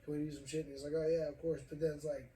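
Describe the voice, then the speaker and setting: A man's voice: fairly high pitch, level tone, rapid-fire. A young man hosting a casual podcast, rambling and swearing, laughing often as he tells a story. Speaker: podcast host. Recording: roomy, distant mic, faint noise.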